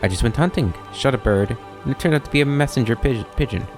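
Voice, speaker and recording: A man's voice: mid-range voice, quick pace, darkish tone, soft background music, pitched above the performer's own voice, natural voice. A man voicing a sly, talkative male kobold schemer with a wry, rambling, mock-innocent manner.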